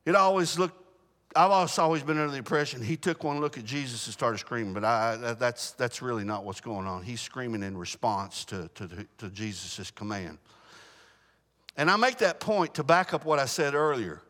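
Male preacher, sermon, animated, stammered restarts, bright voice, reverberant hall. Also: medium pitch, normal speed. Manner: animated, repeats and restarts words, asks the congregation questions. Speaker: Baptist preacher.

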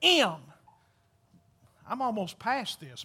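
A man, preaching a sermon with impassioned calls that drop to hushed storytelling. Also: extremely high pitch, sing-song, slow. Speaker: pastor.

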